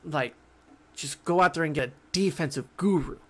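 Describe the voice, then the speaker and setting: A man's voice: on the high side, moderate pace. A young man hosting his own sports podcast, talking casually and jokingly with lots of stammered restarts. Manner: animated, rambling, joking, frequent stammered restarts. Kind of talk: casual solo sports talk.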